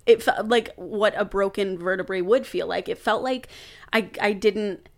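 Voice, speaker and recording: A young adult woman appears as a podcast guest, telling a personal story in casual conversation. She is animated, laughing and swearing now and then, with a medium-pitched voice at normal speed.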